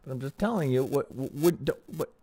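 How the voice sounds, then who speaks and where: A man's voice: medium pitch, lively intonation, fairly quick, dark tone. A man hosting a trading live stream, talking casually and bluntly with frequent swearing, close to a desk mic. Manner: blunt and profane, thinking aloud while troubleshooting.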